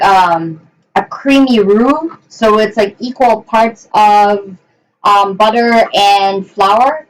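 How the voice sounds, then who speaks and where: A young woman with a fairly high voice hosts a casual live cooking stream from her home kitchen. She rambles chattily, with plenty of ums and trailing pauses, talking to her viewers and her dogs. Her voice sits a little back from the microphone. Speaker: cooking livestream host. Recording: voice a bit far from the mic.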